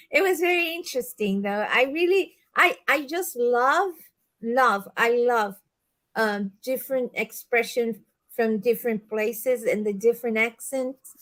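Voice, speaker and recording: A woman's voice: on the high side, unhurried, a bit bright. A woman whose first language is Portuguese, telling stories animatedly in casual chat and repeating words as she searches for them.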